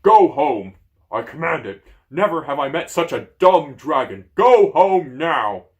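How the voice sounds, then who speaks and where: A man voicing a huge, short-tempered frost giant who shouts and scolds in a raised voice. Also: a little high, animated, moderate pace, voice pushed up. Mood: furious.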